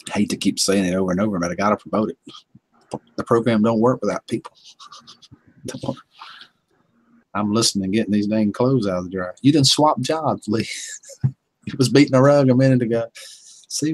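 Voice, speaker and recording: A man's voice: medium pitch, moderate pace, pauses often, husky, no room sound. Folksy man hosting a livestream. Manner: chuckling, folksy, greets chat viewers by name. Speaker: livestream host. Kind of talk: casual livestream chat. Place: home.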